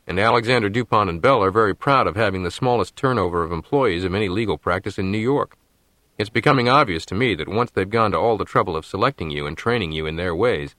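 A man's voice: on the low side, fairly bright tone, no room sound. A man voicing an earnest young male law graduate with a light wry edge.

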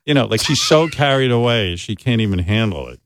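A man's voice: fairly low pitch, expressive, a little fast, slight background noise. A man hosting a podcast, chatting in a wry, joking way and acting out quotes. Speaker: podcast host. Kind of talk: comedic casual chat.

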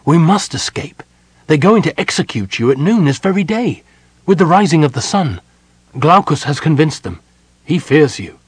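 A man's voice: medium pitch, animated, normal speed, husky, no room sound, voice pushed up. A man voicing an anxious, devoted young soldier who speaks urgently with a trembling voice.

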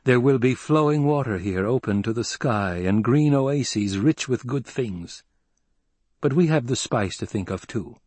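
A man voicing a young male ruler who gives cold, measured commands, slightly husky. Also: mid-range voice, animated, a little mellow, no echo. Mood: commanding.

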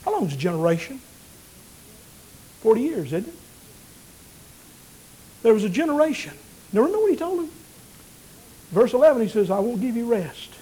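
Pastor, man, very high voice, preacherly swells and hushes. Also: very animated, normal speed, long pauses, slightly rough, low-quality recording. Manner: preacherly, rising to emphatic peaks then dropping low and quiet. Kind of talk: sermon.

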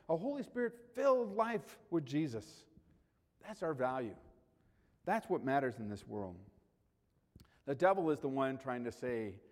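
A man preaching a sermon in a church, animated, swinging between loud calls and quiet asides, joking with the congregation. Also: a little high. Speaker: pastor. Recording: hall reverb.

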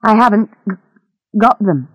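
Woman narrator plays a cornered male thug who stammers and begs; audiobook, unhurried. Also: mid-range voice, expressive, no room sound, dull audio. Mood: pleading. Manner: stammering and pleading. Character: cowardly male henchman, stammering.

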